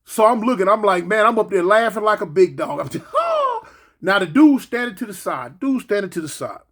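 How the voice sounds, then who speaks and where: Man, storyteller, high voice, animated, repeats phrases, sound effects. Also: brisk.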